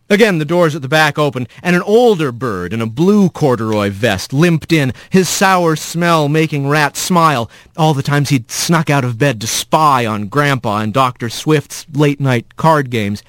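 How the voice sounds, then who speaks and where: A man narrating an animal courtroom story in an expressive audiobook style. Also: medium pitch, normal speed, no echo, studio quality.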